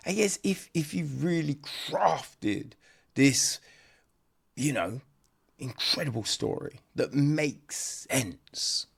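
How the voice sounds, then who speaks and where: A man's voice: a little high, animated, takes it slowly, gravelly, breathy edge. A man reviewing a film on a podcast in casual, rambling chat, blunt and swearing now and then, forever checking in with "right?". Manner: rambling, conversational, peppered with "right?" and "you know".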